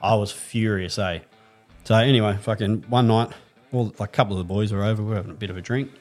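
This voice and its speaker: A man talks in a low voice, spinning crude, swear-laden stories in a casual podcast chat. Faint music sits quietly behind him. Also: quick pace. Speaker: podcast co-host.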